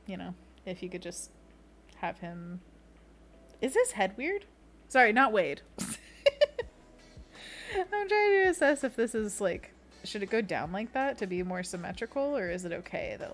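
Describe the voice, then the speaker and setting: A young woman chats with her livestream audience as she paints, casual and giggly, often sliding into playful little bits. Her pitch sits in a middle range. A faint background hiss runs under the recording. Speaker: art streamer.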